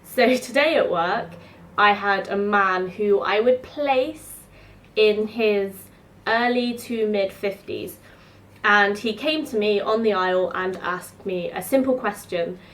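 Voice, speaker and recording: A woman's voice: mid-range voice, takes it slowly. Chatty young woman telling stories. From England. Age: 20s. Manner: chatty and animated, acts out both sides of conversations. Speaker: vlogger. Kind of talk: casual storytelling vlog. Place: her home.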